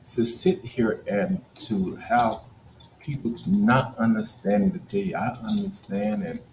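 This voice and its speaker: Lively low-voiced man, far from the mic. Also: measured pace. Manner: emphatic, rising to incredulous exclamations. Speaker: co-host. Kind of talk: casual chat. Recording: distant mic in an echoey room with faint noise.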